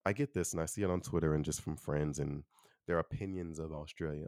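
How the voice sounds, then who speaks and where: A young man from Chicago hosts a casual solo podcast in a deep, low voice. He talks quickly and loosely, filling his sentences with easygoing asides. The recording is close and dry, with no room echo. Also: fairly even intonation, darkish tone. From Chicago, USA. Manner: chatty, loose, full of "you know" and "like". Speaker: podcast host.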